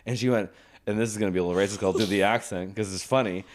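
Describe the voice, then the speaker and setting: A man's voice: fairly low pitch, fast, darkish tone. A man from Hong Kong co-hosting a casual podcast, a bit tipsy, who tells stories with jokes and does voices. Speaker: podcast co-host. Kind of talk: casual chat.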